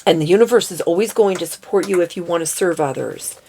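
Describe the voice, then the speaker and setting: A woman's voice: on the low side, lively intonation, dark tone, a little hiss or hum. A woman giving a casual oracle card reading, chatty and giddy, laughing often and reading card texts aloud. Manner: slow, careful over unfamiliar words.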